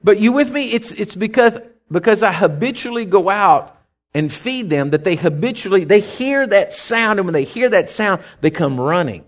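Male pastor, middle-aged, folksy sermon delivery, slightly high voice, very lively pitch. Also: moderate pace. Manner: folksy, conversational preaching with asides and questions to listeners.

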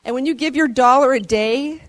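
Earnest woman, church testimony, higher voice, dry close sound. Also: fairly quick, no room sound. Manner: earnest, rising to excited. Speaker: church member giving a testimony.

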